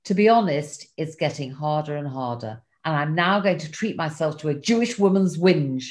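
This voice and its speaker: An older woman with a low, deep voice reads from her diary in a wry, self-mocking way. She is candid and chatty. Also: expressive, normal speed, few pauses, a little mellow. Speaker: guest recounting a diary. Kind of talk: reading diary entries and casual chat.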